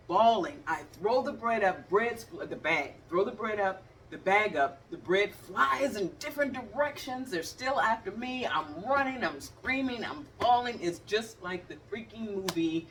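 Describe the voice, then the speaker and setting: A woman's voice: medium pitch, animated, unhurried, few pauses, a bit bright, distant mic, a little hiss or hum. A woman in her fifties, from the Cleveland area, telling funny stories and acting out the scenes while she talks to the viewer. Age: 50s. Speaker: vlogger. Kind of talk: animated comedic storytelling.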